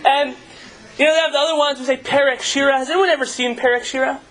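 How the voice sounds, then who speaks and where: A man's voice: very high-pitched, steady tone, fast talker, fairly bright tone, a little hiss or hum, low-quality recording. A man, a rabbi, giving a live talk and telling stories in a conversational way, asking his audience questions.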